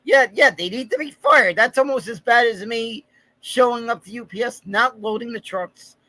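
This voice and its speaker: A man co-hosting a sports podcast in quick, frustrated casual chatter. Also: extremely high pitch, bright, forceful tone, no room sound, low-quality recording. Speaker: podcast co-host.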